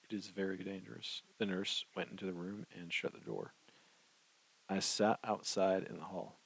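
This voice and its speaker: एक आदमी उपन्यास को पहले पुरुष में धीमे, गंभीर अंदाज़ में पढ़कर सुना रहा है।. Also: male voice, low-pitched, normal speed, gravelly, breathy edge, low-quality recording. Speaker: audiobook narrator. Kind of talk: first-person novel narration.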